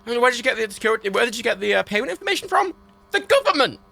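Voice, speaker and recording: A man's voice: very high voice, rapid-fire, gravelly, faint music behind. A British man on a livestream, ranting in an exasperated way and swearing heavily as he talks. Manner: exasperated, heavy swearing, animated.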